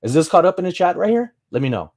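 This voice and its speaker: A man's voice: high-pitched, big pitch swings, fast, darkish tone. A man hosting a casual livestream, telling rambling anecdotes with acted-out exchanges and reading through viewer chat. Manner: reads and answers viewer chat. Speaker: livestream host.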